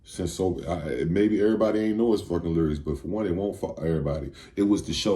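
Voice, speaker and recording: A man's voice: deep voice, fast, few pauses, warm tone. A man giving a heated, profane commentary rant, firing off rhetorical questions. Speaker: video commentator.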